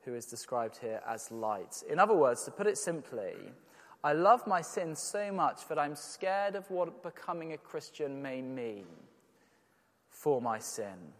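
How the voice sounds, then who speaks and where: A man's voice: on the high side, lively intonation, unhurried. A man preaching a sermon, earnest and emphatic, with rhetorical questions. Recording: long church reverb.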